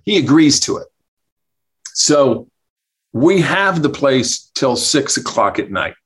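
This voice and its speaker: A man telling a comic anecdote as a podcast guest, animated, acting out the people he quotes and laughing as he goes. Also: medium pitch, slow. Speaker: guest storyteller, comedy writer. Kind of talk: casual anecdote.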